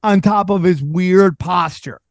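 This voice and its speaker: Podcast host, male, high voice, dry close sound, lively storyteller who acts out quotes. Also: a little slow, creaky, no room sound. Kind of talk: casual storytelling chat.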